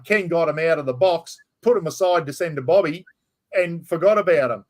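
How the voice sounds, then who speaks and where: A middle-aged Australian man whose voice sits a little higher than most men's. He hosts a casual live stream in a blunt, easygoing way, swearing freely and calling his viewers mate. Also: normal speed. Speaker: livestream host.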